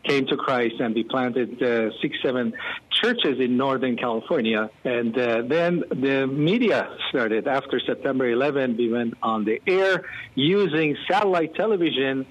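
Husky-voiced man telling his testimony. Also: mid-range voice, unhurried, lo-fi sound. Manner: earnest, with many fillers and restarts. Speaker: guest, evangelist. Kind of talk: personal testimony in conversation.

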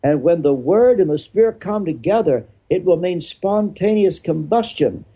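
Older man, retired preacher, husky and dark-toned, emphatic with rhetorical questions. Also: high-pitched, animated, normal speed. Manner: emphatic, rhetorical questions answered himself, repeats phrases. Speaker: retired pastor, interview guest. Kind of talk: interview answer, preaching-style explanation.

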